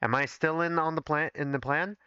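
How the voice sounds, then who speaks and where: A man's voice: on the high side, fairly even intonation, fairly quick, bright, forceful tone, clean tone, no room sound, lo-fi sound. Man doing a smug, proper male doctor.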